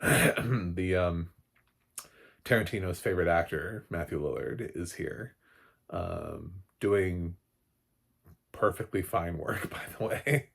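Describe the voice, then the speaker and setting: A man recapping a TV episode as a film critic, in a rambling, casual way with lots of ums and chuckling asides. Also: sits low.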